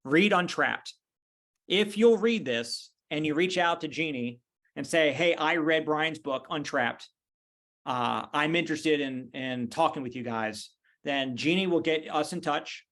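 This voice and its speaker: A man's voice: fairly high pitch, unhurried. A middle-aged man as a podcast guest, telling stories casually and acting out the voices of people in his anecdotes. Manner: animated, acts out voices in anecdotes. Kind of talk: casual storytelling interview. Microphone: video call.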